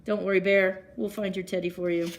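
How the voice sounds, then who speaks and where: A woman librarian reading picture books aloud at story time, gently pausing to ask children questions. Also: medium pitch, level tone, slight background noise.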